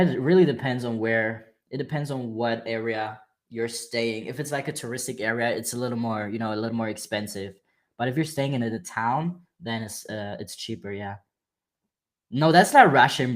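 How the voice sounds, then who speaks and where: A man's voice: mid-range voice, moderate pace. A man with a German accent hosting a trading livestream, chatting casually and hyping viewers, calling them bro. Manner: hyped and slangy, calls viewers bro.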